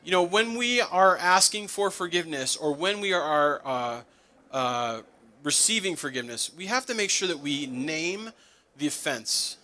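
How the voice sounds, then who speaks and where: A man's voice: fairly high pitch, expressive, a little slow, bright, forceful tone. A young adult man, a pastor, preaching a conversational sermon with joking asides to his congregation.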